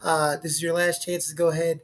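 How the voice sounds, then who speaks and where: A man's voice: on the high side, little pitch movement, fairly quick. A man producing and co-hosting a livestream, chatting casually in a teasing, exasperated way over a video call.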